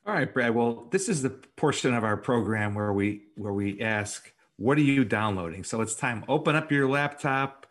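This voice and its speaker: A man's voice: medium pitch, animated, normal speed, hardly any pauses, fairly bright tone. A man hosting a podcast interview, asking questions in a casual, joking way. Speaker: podcast host.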